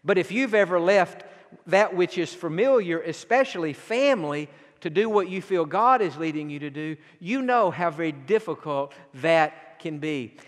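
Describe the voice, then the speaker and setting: A man preaching an evening sermon, reading scripture slowly and emphatically and asking the congregation to repeat a phrase. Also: fairly high pitch, animated. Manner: slow, emphatic delivery with drawn-out scripture quotes. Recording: long hall reverb.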